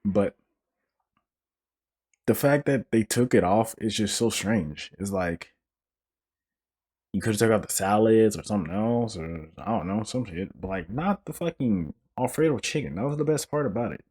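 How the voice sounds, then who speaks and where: Young man, low voice, husky, casual podcast host, profane joking rant. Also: moderate pace. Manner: animated, profane, joking rants with repeated restarts.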